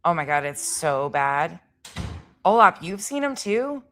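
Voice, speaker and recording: Blunt, low-voiced woman streamer. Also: sing-song, measured pace, fairly bright tone. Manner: blunt and profane, talks straight to the chat. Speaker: streamer reacting to podcast clips. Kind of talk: casual reaction stream.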